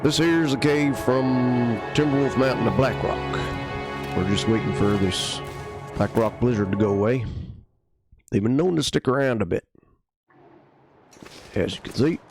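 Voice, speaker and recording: A man talking through a survival game on a live stream in a mid-pitched, everyday voice, wry and quick to joke. Game music runs clearly underneath him. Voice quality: wry, joking. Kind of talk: casual gameplay commentary.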